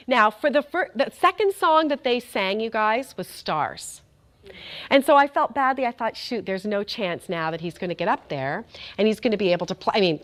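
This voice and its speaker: A woman's voice: on the high side, a bit bright. A middle-aged woman giving a faith talk, telling a story with animation and speaking directly to the crowd.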